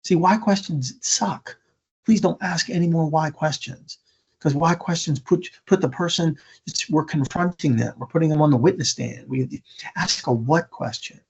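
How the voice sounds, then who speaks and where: A man's voice: a little high, normal speed, darkish tone. A man giving an earnest storytelling talk as a speaker, emphatic and with stammering restarts. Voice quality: gravelly, husky. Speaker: keynote speaker. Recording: dull lo-fi recording.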